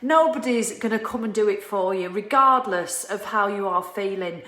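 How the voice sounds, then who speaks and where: A woman giving a casual, animated motivational talk, ranting and swearing freely and laughing at herself. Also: medium pitch, moderate pace, echoey room. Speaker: motivational vlogger.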